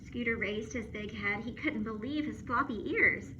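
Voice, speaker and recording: A woman teacher reading a storybook aloud to children on camera, expressive and playful with asides and sound effects. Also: a little high, moderate pace. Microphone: phone or camera. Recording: muffled with steady background noise.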